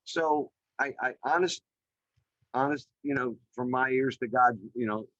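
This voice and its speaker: A middle-aged man tells his story over a video call, energetic and chatty, with his sentences full of "you know." His voice comes through dry and close, with a slightly muffled, narrow sound. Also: mid-range voice, measured pace, no echo. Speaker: podcast guest, real estate developer. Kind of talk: animated storytelling in an interview. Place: remote call.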